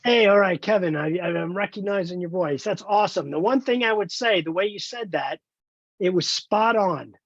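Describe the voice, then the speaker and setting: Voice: mid-range voice, no room sound, dull audio. A trainer leading an online training webinar, encouraging and explaining step by step over a video call.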